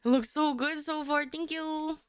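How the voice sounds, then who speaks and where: A woman's voice: high-pitched, steady tone, a little slow, dry recording, studio quality. A young woman artist chatting casually and giggling while she draws live on stream. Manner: chatty and giggly, rambling with frequent laughs. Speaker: artist livestreamer.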